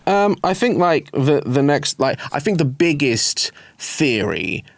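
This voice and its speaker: A man's voice: fairly high pitch, very animated, measured pace, creaky. A man hosting a casual podcast, asking questions with lots of hesitant fillers. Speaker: podcast host.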